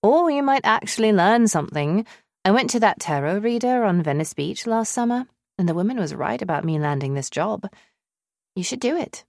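A woman's voice: medium pitch, expressive, normal speed, no echo, clean studio sound, pitched above the performer's own voice, close to an everyday voice. A woman reading an audiobook, voicing a breezy, teasing female friend with a British accent. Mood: coaxing. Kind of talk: audiobook character voice.

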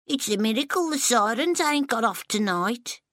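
A woman's voice: fairly high pitch, animated, moderate pace, a bit bright, no echo, voice pushed up. Woman doing rude mocking pub drunks, coarse jeers, dry close sound. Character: jeering drunk pub crowd members.

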